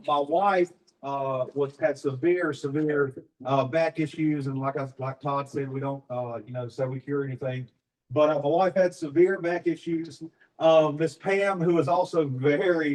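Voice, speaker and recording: A man from Alabama shares his personal testimony with a live crowd. His voice is on the high side for a man and sounds set back from the microphone. He talks in halting bursts, full of ums and uhs. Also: darkish tone, far from the mic, low-quality recording. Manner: halting, filler-heavy storytelling. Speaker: business partner sharing his story.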